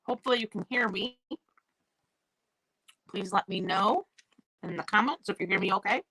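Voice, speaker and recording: A woman's voice: mid-range voice, normal speed, pushed and bright, slightly rough, no echo. A woman with a sore throat and crackly voice, chatting casually as she hosts a live stamping class and greets viewers by name. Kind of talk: live-streamed craft class chat. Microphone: new desk mic.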